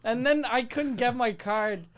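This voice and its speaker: High-voiced man laughing through a story. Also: measured pace, fairly bright tone, slight background noise. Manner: laughs often, short quips. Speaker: podcast co-host. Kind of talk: casual chat.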